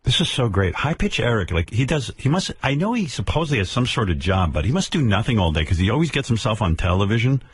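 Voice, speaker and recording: A man's voice: big pitch swings, fast talker, few pauses, breathy edge. A man co-hosting a radio show, chatting in a dry, sarcastic way on a studio mic. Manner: dry, sarcastic, does shrill impressions. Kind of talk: casual radio talk, playing clips.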